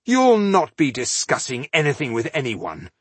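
A man reading an audiobook, voicing an indignant, hot-tempered count with a husky, blustering voice. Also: sits high, lively intonation, a little slow, no echo, voice pushed up. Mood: angry. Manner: blustering, furious.

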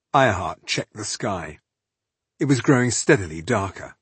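A man narrating a fantasy audiobook in a measured, expressive way. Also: lowish voice, breathy edge, no room sound.

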